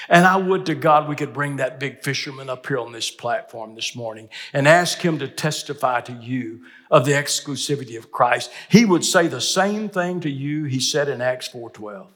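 An older man preaching a sermon in a chapel, emphatic, climbing to loud peaks when he quotes scripture. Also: medium pitch, animated, a little slow. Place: seminary chapel. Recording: long hall reverb.

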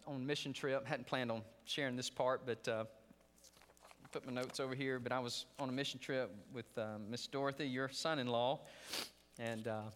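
A man preaching in a seminary chapel, telling a story with lively acted-out moments. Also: mid-range voice, normal speed, a little hiss or hum. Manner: animated storytelling, acts out scenes. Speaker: guest preacher. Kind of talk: sermon. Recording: long reverb of a chapel.

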